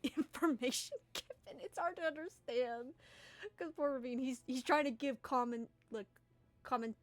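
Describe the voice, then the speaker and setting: Slow-talking young woman game master. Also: on the high side, dry recording. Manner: laughing, loose, swearing casually. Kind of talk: running a tabletop game.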